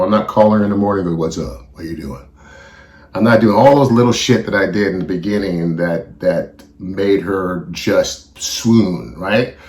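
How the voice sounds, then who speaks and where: Blunt, swearing man in an echoey room. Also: on the low side. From California. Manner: blunt, heavy swearing, raw and emotional. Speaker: podcast host. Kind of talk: confessional podcast monologue.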